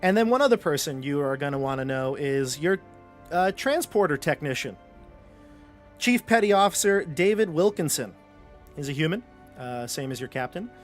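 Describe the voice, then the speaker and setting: A man's voice: on the high side, expressive, normal speed, soft background music. A man running a tabletop game as game master, narrating in a loose, conversational way with frequent fillers and restarts.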